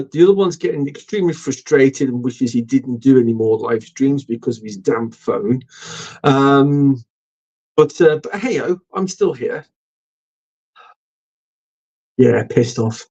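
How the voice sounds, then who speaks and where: Slow rambling man, dull audio. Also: mid-range voice, darkish tone. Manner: rambling, swears freely, many ums. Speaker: live stream host. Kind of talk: casual live stream chat.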